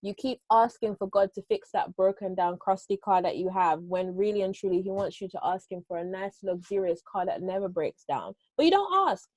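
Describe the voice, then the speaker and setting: A woman's voice: medium pitch, fairly even intonation, a little fast, few pauses, warm tone, no room sound, poor audio. A woman co-hosting a team call, preaching about asking big in a scolding rhythm. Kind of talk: preachy motivational talk. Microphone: video call.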